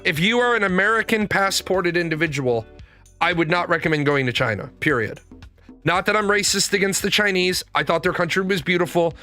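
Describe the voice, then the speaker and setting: A man's voice: sits high, bright, forceful tone. A man in a casual monologue, telling stories in a blunt, rambling way with frequent swearing. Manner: blunt, profane, rambling storytelling. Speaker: show host.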